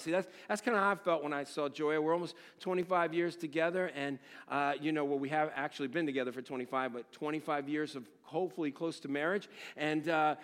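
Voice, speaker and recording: Middle-aged man, pastor, sermon delivery; voice sits a bit high, lively storytelling with loud highs and soft, somber lows. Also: brisk. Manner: animated storytelling, swings from excited shouts to quiet, somber tones.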